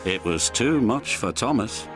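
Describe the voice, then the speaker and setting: A man narrating a children's storybook in an expressive, sing-song way. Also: on the low side, measured pace. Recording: narration over music.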